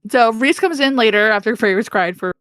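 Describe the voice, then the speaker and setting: A woman co-hosting a podcast, casually recapping a fantasy novel with animated storytelling, frequent laughs and playful swearing. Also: a little high, fairly quick, clear, resonant tone, dry recording. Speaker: podcast co-host.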